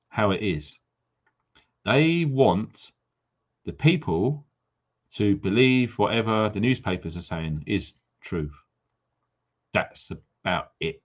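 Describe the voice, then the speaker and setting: A man hosting a livestream, ranting sarcastically and firing off rhetorical questions with indignant high jumps for emphasis. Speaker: livestream host. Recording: dull lo-fi stream audio.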